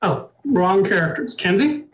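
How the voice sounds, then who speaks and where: Man game master, high voice, unhurried, measured narration, dull lo-fi audio. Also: lively intonation. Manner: measured, descriptive, apologetic asides.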